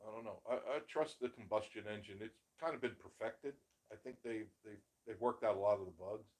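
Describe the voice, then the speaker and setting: A man's voice: fairly low pitch, fairly quick, a little mellow. A man hosting a casual live show, giving emphatic, opinionated takes on viewer comments and laughing often.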